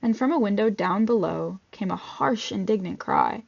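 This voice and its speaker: Gravelly woman reading a storybook aloud. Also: mid-range voice, moderate pace. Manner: chatty asides with fillers. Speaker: vlogger reading a picture book. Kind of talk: casual read-aloud with commentary. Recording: dull lo-fi recording.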